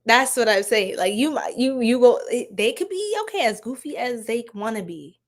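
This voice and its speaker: Woman, tarot reader, livestream chat, laughs a lot, lively pitch, fairly high voice. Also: moderate pace. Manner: laughs often, chatty, talks to viewers in the chat. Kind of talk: casual livestream tarot reading.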